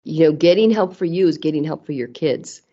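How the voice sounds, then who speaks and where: A woman's voice: deep voice, a little fast, mellow. A middle-aged woman talking candidly as a guest in a casual interview, earnest and often restarting her sentences. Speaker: podcast guest. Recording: slightly muffled audio.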